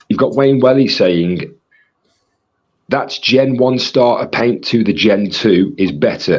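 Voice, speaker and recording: A man with a husky, fairly low voice reads out chat comments in a rambling, casual way as co-host of a live stream. The sound is dull and lo-fi.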